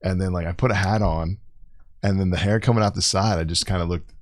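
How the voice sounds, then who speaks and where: A man hosting a podcast, chiming in with quick remarks. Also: sits low, fairly even intonation, no echo, clean studio sound. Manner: quick interjections. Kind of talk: casual chat.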